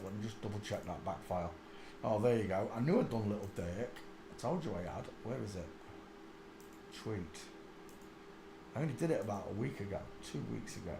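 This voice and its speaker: A man's voice: lowish voice, creaky, background noise. A man, rambling crudely through a casual live stream and mocking himself. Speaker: host. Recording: echoey room.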